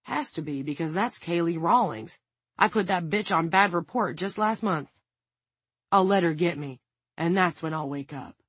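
A man's voice: on the high side, lively intonation, normal speed, fairly bright tone, husky, no room sound. A woman voicing a cool, calculating male insurance man with a dry, clipped manner. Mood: musing.

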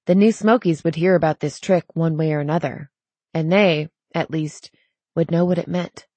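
Low-voiced woman reading a novel. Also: fairly even intonation, normal speed, mellow, husky, dry recording. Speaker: audiobook narrator. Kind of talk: scripted narration.

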